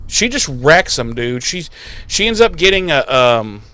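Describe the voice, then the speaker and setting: A man's voice: fairly high pitch, unhurried. A man co-hosting a podcast, recapping an episode in casual chat and acting out the scenes with silly voices. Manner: animated, acts out scenes with silly voices and laughs. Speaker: podcast co-host. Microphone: podcast microphone.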